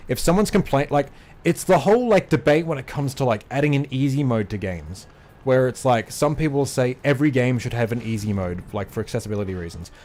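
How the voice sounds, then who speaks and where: A man's voice: medium pitch, a little fast, a little mellow. Rambling, opinionated male game streamer. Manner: rambling, opinionated, swears, many fillers. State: out of breath. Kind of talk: casual gaming livestream chat.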